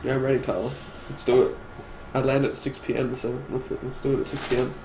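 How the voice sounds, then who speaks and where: A tired man co-hosting a stream from a home desk, answering in short, dry remarks. His voice is gravelly with vocal fry, and the recording carries clear background noise. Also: mid-range voice, flat delivery, fairly quick. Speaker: co-host of an awards stream. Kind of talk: casual stream chat. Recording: noisy home stream audio.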